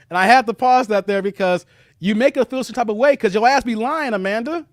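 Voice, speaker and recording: A man from Chicago hosting a reaction commentary livestream, talking straight to his viewers in a mocking, animated way. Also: very high voice, fairly quick, no room sound, clean studio sound. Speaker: commentary show host.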